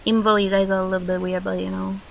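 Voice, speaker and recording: A woman's voice: mid-range voice, level tone, racing, gravelly, slight background noise, rough recording. A young woman streamer chatting casually with viewers while drawing, swearing freely and reacting to chat.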